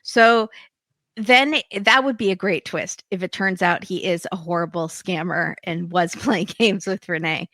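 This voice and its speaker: A woman's voice: lowish voice, a little slow, sharp tone, no room sound. A woman hosting a podcast, chatting casually and with strong opinions about a reality TV episode. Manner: opinionated, quips, acts out quotes. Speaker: podcast host. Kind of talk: casual chat recapping reality TV.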